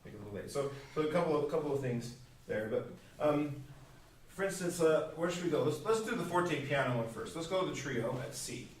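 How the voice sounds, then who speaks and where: A man's voice: fairly high pitch, lively intonation, a little fast, a little hiss or hum. A man coaching a string quartet in a masterclass, playful and given to vivid sound words. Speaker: masterclass teacher. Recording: echoey hall from far off.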